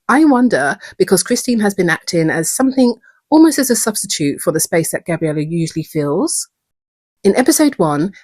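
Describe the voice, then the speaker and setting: A woman, hosting a calm, measured episode breakdown, reflective in tone. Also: fairly low pitch, husky, no room sound. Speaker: video essay host.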